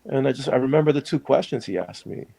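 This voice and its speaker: A man's voice: medium pitch, lively intonation, fast talker, creaky, warm tone, no room sound, rough recording. A man who is a priest, telling his story in an interview in an earnest, reflective way.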